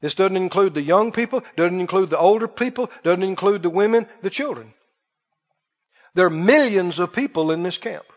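A male preacher with a very high voice delivers a dramatic sermon in a large auditorium, stretching important words out slowly and firing questions at the congregation. The sound is dull and lo-fi, with a long reverb trailing behind him. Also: animated.

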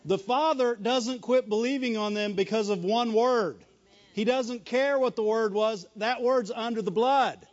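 Preaching a sermon, a man with a remarkably high voice speaks emphatically and animatedly, chuckling often at a measured pace. The audio is dull and lo-fi.

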